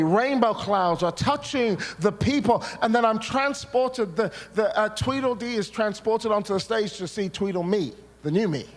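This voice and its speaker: A man preaching a sermon, telling a personal story in an animated way, acting out his own past words and sometimes breaking into shouts. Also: high voice. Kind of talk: sermon testimony. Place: large church hall. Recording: long hall reverb.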